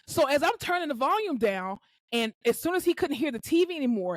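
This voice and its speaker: A young adult woman co-hosting a podcast, telling a work story in casual chat and acting out the quotes with loud swearing. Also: fairly high pitch, sing-song, fairly quick, no echo. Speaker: podcast co-host.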